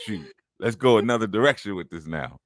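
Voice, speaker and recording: A man's voice: fairly low pitch, a little fast, no room sound, studio quality. A man co-hosting a casual online talk show, teasing and joking with his co-host. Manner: teasing, joking, animated laughing. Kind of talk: casual banter.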